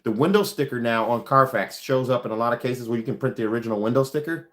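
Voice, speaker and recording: A man hosts a casual livestream as a car salesman, talking in a loose, rambling way full of ums and uhs. He gives frank, practical advice at a medium, unremarkable pitch. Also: quick pace. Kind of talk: casual livestream chat answering viewer questions.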